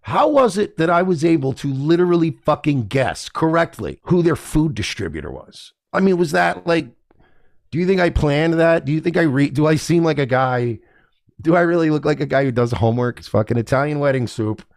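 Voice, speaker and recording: Fired-up guy ranting on his podcast, kinda high and raspy, cussing a lot. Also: lively intonation, brisk, darkish tone, no room sound, clean studio sound. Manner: profane, indignant, mocks others in put-on voices. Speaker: podcast host. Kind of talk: casual rant to camera.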